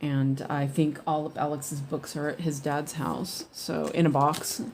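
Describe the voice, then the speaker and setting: A woman's voice: sits low, flat delivery, unhurried, a little mellow, a little hiss or hum. A woman chatting casually while she cross-stitches at home, rambling with lots of fillers and restarts. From United States.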